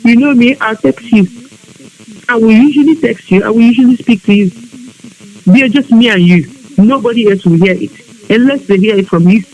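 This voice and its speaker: Woman, high voice, impassioned exhortation, pleading and scolding. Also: normal speed, long pauses, darkish tone, muffled recording. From Biafra region of Nigeria. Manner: emotional, pleading and scolding by turns. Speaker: women's group member addressing an online audience. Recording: live online broadcast with hiss.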